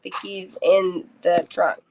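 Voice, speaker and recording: A woman with a child, joining a podcast chat and chiming in with her own quick stories. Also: fairly low pitch, little pitch movement, gravelly, a little mellow, a little hiss or hum, poor audio. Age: adult parent. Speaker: podcast co-host. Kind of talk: casual chat.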